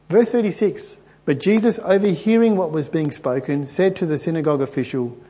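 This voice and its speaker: A husky, somewhat high-voiced man preaches through a Bible passage. He is earnest and animated, often lifting his pitch and volume on key points, with a slightly stuffy throat. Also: a little fast. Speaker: pastor. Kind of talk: Bible teaching.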